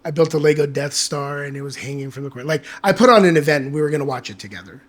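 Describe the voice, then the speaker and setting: A man telling a personal story on a podcast, his voice sitting a touch higher than most men's. He talks in a candid, animated way, swearing freely and slipping into the voices of the people he quotes. It stays loose and conversational throughout. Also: racing. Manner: animated, acts out quoted dialogue. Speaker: podcast guest. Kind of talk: casual storytelling chat.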